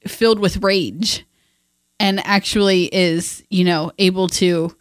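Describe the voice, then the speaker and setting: A woman co-hosting a casual book-discussion podcast, retelling scenes in halting, chatty talk full of fillers and restarts. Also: lowish voice, fairly even intonation, smooth, dry recording, studio quality. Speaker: podcast co-host and parent.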